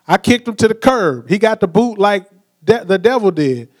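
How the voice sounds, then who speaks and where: A man's voice: high voice, animated, moderate pace. A young man preaching a sermon with energy, acting out quoted voices and asking the crowd to say words back.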